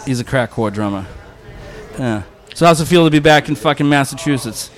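A man's voice: medium pitch, animated, fairly quick. A man hosting a podcast in casual chat, crude and joking, swearing a lot. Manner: crude, joking, heavy swearing, frequent laughs. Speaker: podcast host.

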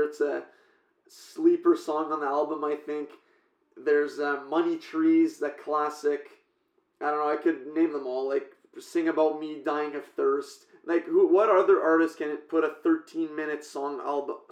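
A young man co-hosting a podcast, talking casually about an album in a relaxed, rambling way with "um" and "like.". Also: on the high side. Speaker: podcast co-host. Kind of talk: casual music chat. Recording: roomy echo.

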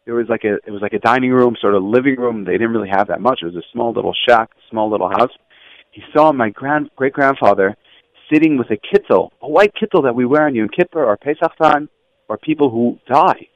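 A man teaching schoolchildren through stories, lively and acting out the voices of people in them. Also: brisk, no echo. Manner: animated, acts out quoted voices with raised pitch. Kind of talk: storytelling lesson. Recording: dull lo-fi, dry.

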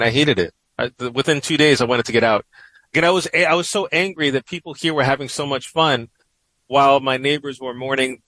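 A man's voice: medium pitch, a bit bright, no echo, low-quality recording. A man in his forties from New York, a guest columnist telling a personal story in a radio interview, reflective and rambling with many "you know"s.

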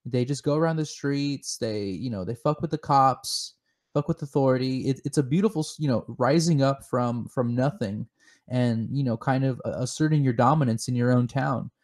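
Man, comedic co-host, deadpan, mock-serious, halting restarts, casual chat. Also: medium pitch. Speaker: podcast co-host.

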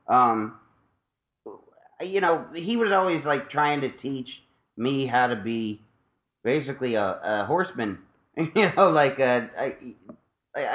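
A man's voice: medium pitch, a bit bright. Rambling, self-mocking man in an echoey room. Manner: rambling, self-mocking, lots of fillers and laughs. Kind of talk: casual chat.

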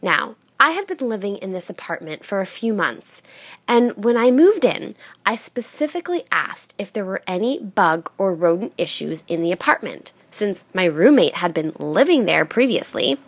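A woman narrating a personal story aloud in a steady storytelling read. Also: mid-range voice, normal speed, no room sound.

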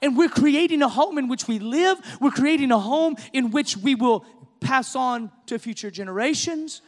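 A middle-aged male pastor preaching with passion, his voice sitting very high for a man. It rings out through a large hall with a long reverb behind it. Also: animated, normal speed. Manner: impassioned preaching, rising to shouts. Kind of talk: sermon.

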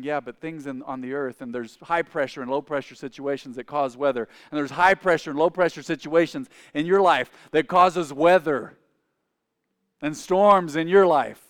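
Preaching man with a clear, higher voice. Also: normal speed. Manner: preaching with rising, emphatic repetition. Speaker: pastor. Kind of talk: sermon.

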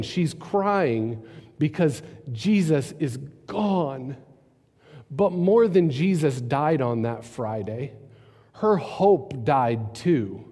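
A man preaching a sermon, telling the story with dramatic drops to quiet, almost whispered lines. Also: fairly high pitch. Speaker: pastor. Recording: long reverb in a large hall.

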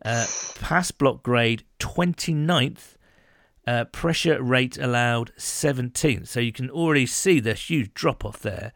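A man's voice: mid-range voice, slow pace, vocal fry, fairly bright tone, no echo, clean studio sound. A man co-hosting a casual sports podcast, rambling with lots of fillers and restarts. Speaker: podcast co-host.

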